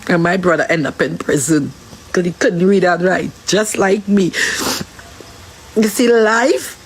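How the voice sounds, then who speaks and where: A woman's voice: lowish voice, a little slow, a little hiss or hum, poor audio. Impassioned woman pleading. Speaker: stream host. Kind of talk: emotional street interview.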